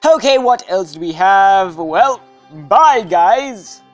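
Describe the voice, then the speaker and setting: A man narrating his gameplay at an unhurried pace, voice rising and dipping with lively swings. He is playful and chatty, breaking into cheers and sing-song calls over faint music. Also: high voice, lo-fi sound. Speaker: gaming video host. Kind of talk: gameplay commentary.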